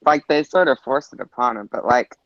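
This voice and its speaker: A man's voice: medium pitch, a little fast, fairly bright tone, no echo. A man, a guest on a casual discussion, offers theories in a tentative, hedging way. His audio sounds muffled and dry, with no room sound at all. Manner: tentative, hedging with "I don't know" and "like". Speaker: guest panelist.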